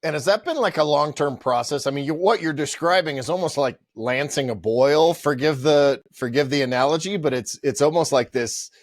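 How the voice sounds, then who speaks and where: A man's voice: fairly high pitch, moderate pace, hardly any pauses, no echo, studio quality. A man hosting a podcast, asking thoughtful questions and searching for the right words. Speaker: podcast host. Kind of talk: interview questions.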